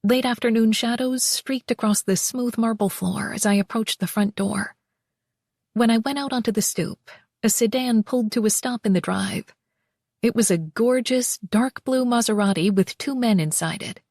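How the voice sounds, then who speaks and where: A woman narrating a first-person romance audiobook in an expressive, wry way on a close mic. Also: on the high side, moderate pace, vocal fry, no echo.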